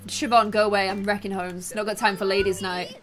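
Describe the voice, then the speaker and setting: A woman's voice: mid-range voice, level tone, brisk, soft background music. A woman giving playful, dramatic commentary over a video game and often breaking into laughter. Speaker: gaming video host.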